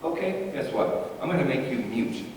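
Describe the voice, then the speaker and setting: A man's voice: mid-range voice, expressive, normal speed, a little mellow, recorded from a distance, slight background noise, natural voice. A male pastor voicing a teasing angel messenger who scolds a doubter, in an echoey church hall heard from afar. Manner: sassy, mock-challenging.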